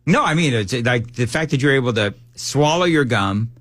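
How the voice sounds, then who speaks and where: A man's voice: medium pitch, normal speed. A man in his fifties, a radio host, telling stories in casual morning banter and laughing often. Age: 50s. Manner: jokey, laughs often, animated storyteller.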